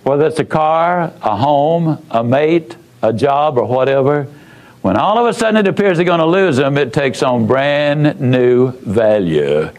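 A man giving a motivational speech, telling a story in a folksy, emphatic way with dramatic pauses and repetition. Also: medium pitch, lively intonation, a little mellow, poor audio. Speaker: motivational speaker.

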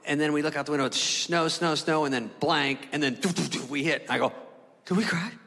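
A male stand-up comedian tells a story, and his voice jumps high and panicky when he acts himself out. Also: fairly even intonation, fairly quick, sharp tone. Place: comedy club stage before an audience. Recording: live from a hall with crowd noise. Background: audience laughter.

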